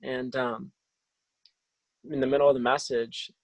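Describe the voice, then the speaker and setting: A young man sharing a personal faith testimony over a video call, halting, with many restarts and fillers. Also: medium pitch, little pitch movement, no room sound, low-quality recording. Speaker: testimony speaker.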